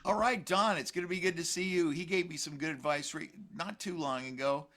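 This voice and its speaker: A man's voice: a little high, brisk, fairly bright tone. A man with a slightly raised voice co-hosts an online open mic over a video call. He chats in a talkative, friendly way between acts.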